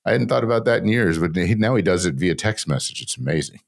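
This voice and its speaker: Middle-aged male podcast host, very deep voice, chatty and joking, talks nonstop. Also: lively intonation, vocal fry. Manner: rambling, joking, talks without pause. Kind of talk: casual podcast chat.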